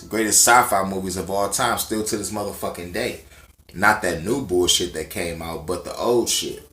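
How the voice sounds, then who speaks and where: A man talks straight to the camera in a loose, profane monologue, leaning hard on his points. His voice sits a little low. The room around him rings with noticeable echo. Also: fairly bright tone. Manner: profane, emphatic, conversational storytelling. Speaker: vlogger. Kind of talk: casual ranting monologue.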